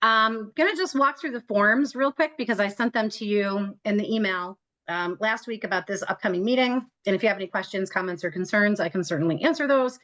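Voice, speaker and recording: A woman hosting an online planning meeting for a group trip, speaking over a video call. She talks in a chatty, joking way, with frequent light laughs. Her pitch sits in an ordinary middle range. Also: a little fast, few pauses, fairly bright tone, muffled recording. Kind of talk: casual meeting talk.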